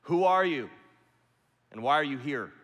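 A man shouting as a booming Roman soldier. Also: lively intonation, measured pace. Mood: booming, challenging. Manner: loud, challenging questions. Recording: hall reverb.

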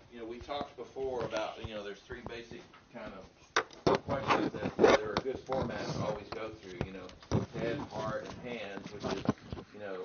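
A man facilitating a group meeting, giving relaxed, practical instructions with many fillers. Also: medium pitch. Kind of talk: announcements to a group. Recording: distant, roomy, lo-fi with noise.

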